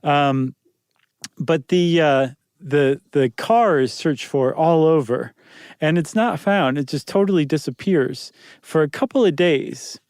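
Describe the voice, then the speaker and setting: Man co-host, slightly higher voice, loose chatty delivery, dry close mic. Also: slow pace, darkish tone, dry recording. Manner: loose and chatty, many ums and restarts. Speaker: podcast co-host. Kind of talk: casual chat.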